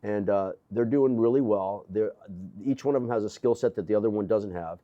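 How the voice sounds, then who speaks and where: An older man, a gym owner, telling animated stories in casual conversation with quoted dialogue and blunt, profane language. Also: fairly low pitch, a little fast, dull audio. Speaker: gym owner, interview guest. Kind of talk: casual storytelling. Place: gym office.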